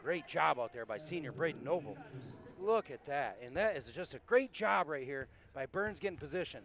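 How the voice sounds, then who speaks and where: A man's voice: a little high, animated, normal speed, fairly bright tone. Hyped Midwestern man calling a basketball game. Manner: hyped, folksy, calls partner buddy and son. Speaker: play-by-play announcer. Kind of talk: high school basketball commentary. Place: high school gym.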